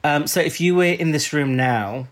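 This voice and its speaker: A man's voice: a little high, normal speed. Chatty man, casual banter. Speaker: podcast co-host. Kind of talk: casual chat.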